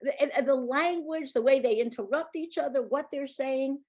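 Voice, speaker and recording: A woman's voice: high voice, normal speed. A woman reading a novel aloud, acting out the dialogue and stopping to comment on it. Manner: acted, lively dialogue voices. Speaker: reader.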